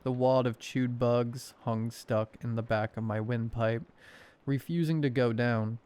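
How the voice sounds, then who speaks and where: Male horror narrator, sardonic, mid-pitched, smooth resonant voice. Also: steady tone, measured pace, darkish tone. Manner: wry, sardonic storytelling. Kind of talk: horror story narration for sleep.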